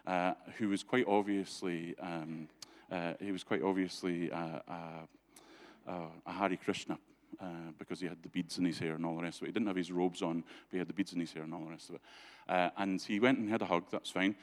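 Chatty man, low voice. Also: fairly even intonation, brisk. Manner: chatty, laughing, many restarts and fillers. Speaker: church speaker. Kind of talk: anecdotal storytelling talk.

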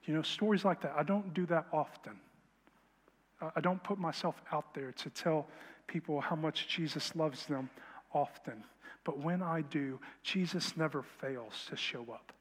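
A preacher telling a story from the pulpit, his fairly high voice carrying a long hall echo. He moves from lively storytelling into hushed, earnest conviction. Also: measured pace, breathy edge. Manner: animated storyteller, drops to quiet intensity. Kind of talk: sermon testimony storytelling.

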